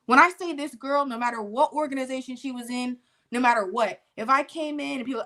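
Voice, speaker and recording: Bright, animated young woman storyteller. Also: high-pitched, brisk. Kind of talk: casual testimony storytelling.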